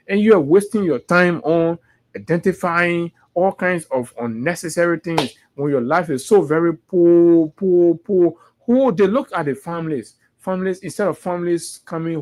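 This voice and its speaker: A man with a Liberian English accent delivers fervent political commentary as a morning show host. His voice sits high for a man. He keeps hammering his points home by repeating phrases. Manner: preachy, repeats phrases for emphasis.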